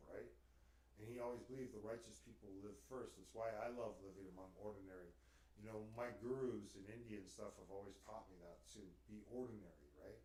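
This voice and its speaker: A man's voice: fairly low pitch, steady tone, brisk, darkish tone. A man chatting casually as a guest about spiritual ideas. He rambles and keeps tagging his sentences with "right?". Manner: rambling, tags lines with "right?". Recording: roomy, distant mic.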